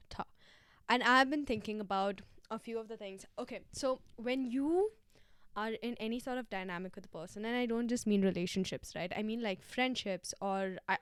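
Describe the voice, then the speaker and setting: A woman's voice: medium pitch, clean tone, no echo. Chatty young woman podcaster, dry sound. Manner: chatty, animated, slangy. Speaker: podcast host. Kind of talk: casual solo podcast chat.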